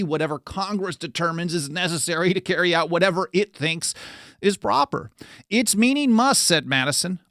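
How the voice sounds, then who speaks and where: A podcast host with a high-pitched, fairly bright male voice is recorded dry with studio quality. Running a talk show, he explains history conversationally and reads quotes aloud. He uses frequent fillers and often corrects himself.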